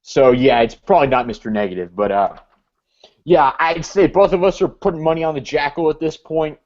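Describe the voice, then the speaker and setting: A man's voice: a little high, fairly quick, darkish tone, lo-fi sound. A man co-hosting a casual comic book chat, hesitant, with frequent fillers and restarts. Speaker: co-host.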